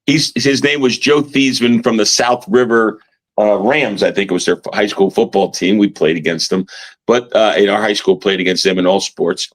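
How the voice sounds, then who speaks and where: A man's voice: fairly low pitch, steady tone, normal speed. Male sports radio co-host, New Jersey accent, chatty and meandering. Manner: rambling, restarts often, chuckles. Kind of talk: casual sports talk.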